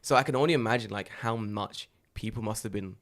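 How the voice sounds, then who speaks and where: A man co-hosting a podcast, telling stories in a loose, animated way and swearing often. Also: fairly low pitch, a little fast. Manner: animated storyteller, swears a lot. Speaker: podcast co-host. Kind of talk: casual chat.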